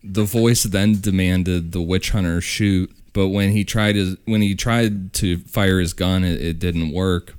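Deep-voiced man telling a story. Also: measured pace, hardly any pauses, clean tone. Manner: relaxed, with fillers and restarts. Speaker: podcast host. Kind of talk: casual storytelling.

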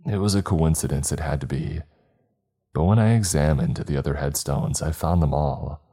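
A man narrating a horror story in a measured, ominous way. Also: rumbling low, dark tone, slightly rough.

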